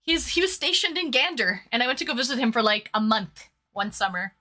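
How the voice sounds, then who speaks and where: A Canadian woman streaming live, chatting casually and excitedly thanking her viewers. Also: a little high, fairly quick.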